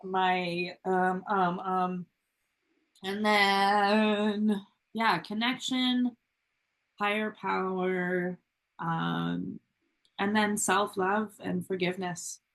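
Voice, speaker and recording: A woman co-hosting a recovery podcast, talking earnestly and haltingly with many fillers. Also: medium pitch, level tone, fairly bright tone. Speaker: podcast co-host. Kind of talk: casual recovery podcast chat.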